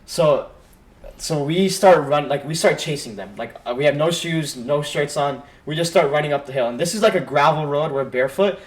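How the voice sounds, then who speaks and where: A man's voice: fairly high pitch, moderate pace. A young man telling a story on a casual podcast, rambling with lots of fillers and acted-out quotes from his friends.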